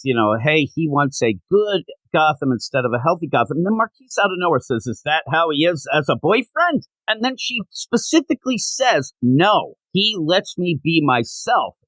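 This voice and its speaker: A man co-hosting a podcast, talking casually and animatedly about comic books, often slipping into quick mocking quotes of characters. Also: fairly high pitch, fairly bright tone, no room sound, low-quality recording. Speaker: podcast co-host. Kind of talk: casual comic book discussion.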